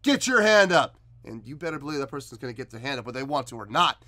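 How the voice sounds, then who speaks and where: A man hosting a music reaction video, excitedly commenting and explaining what he hears. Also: mid-range voice, very fast, no echo. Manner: animated, exclaiming, explaining guitar technique.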